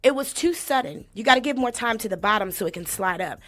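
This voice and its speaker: A woman hosting a comedic vocal critique, sassy and mocking, bursting into exaggerated loud sung imitations. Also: on the high side, expressive, fast talker. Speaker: host critiquing a singer. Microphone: desk mic.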